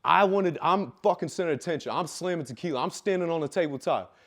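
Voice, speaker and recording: A man telling a raw personal story with heavy swearing, dropping low and quiet, then bursting out loud. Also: quick pace. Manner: profane, intense, swings from quiet to loud; loud, self-described. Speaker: fitness business coach telling his life story.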